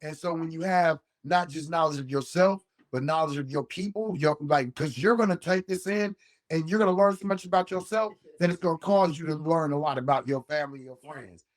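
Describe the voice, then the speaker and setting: Young adult male co-host, higher-pitched, casual and profane, acts out dialogue. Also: fairly quick. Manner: animated, acts out quoted dialogue, swears freely. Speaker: podcast co-host. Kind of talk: casual conversation.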